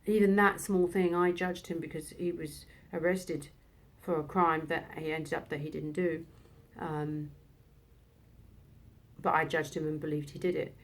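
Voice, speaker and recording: A woman in her thirties telling a personal story, halting and emotional, with many restarts. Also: low voice, level tone. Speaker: vlogger.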